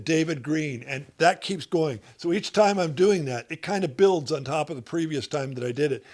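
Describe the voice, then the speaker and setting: A man teaching comedy writing to camera, in an instructional talk with dry, deadpan asides. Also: fairly high pitch.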